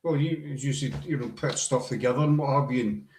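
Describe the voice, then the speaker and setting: A man's voice: mid-range voice, brisk, a little mellow, reverberant. A Scottish man hosting a show, chatting casually and rambling a little. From Scotland. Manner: chatty, rambling, uses "aye" and "wee". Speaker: podcast host. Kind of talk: casual chat.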